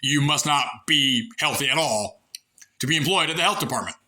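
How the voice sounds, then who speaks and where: Man, rural American accent, sarcastic rambling rant, sharp tense voice. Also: medium pitch, brisk. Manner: sarcastic, ranting, digressive; folksy, coarse talk. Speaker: vlogger airing grievances. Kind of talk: rambling monologue to camera.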